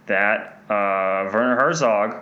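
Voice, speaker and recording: A man co-hosting a podcast in casual, joking chat with deadpan asides. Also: fairly low pitch, takes it slowly, roomy sound, lo-fi sound. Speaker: podcast co-host.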